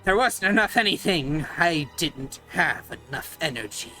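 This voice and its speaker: A man voicing a mad undead male archmage who once ruled his people, stammering and repeating himself, then lurching into shouts. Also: fairly high pitch, sing-song, normal speed, soft background music, full character voice. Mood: frantic, unhinged. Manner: frantic stammering, swings to shouting.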